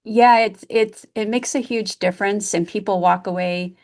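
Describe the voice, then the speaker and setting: A woman's voice: mid-range voice, fairly even intonation, normal speed, a little mellow. A woman hosting an interview podcast, talking in an affirming, conversational way before asking her guest a question. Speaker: podcast host. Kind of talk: casual interview.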